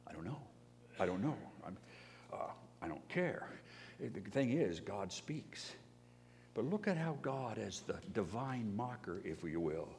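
A man preaching a sermon, animated, who swings into loud emphatic bursts when acting out pleas and reading scripture. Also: on the low side, unhurried. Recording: long hall reverb, faint hum.

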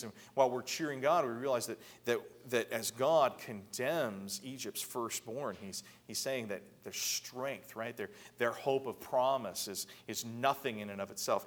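A man's voice: mid-range voice, a bit bright. Conversational male pastor preaching. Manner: conversational preaching, many repeated words and asides, rising emphatic peaks. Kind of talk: sermon.

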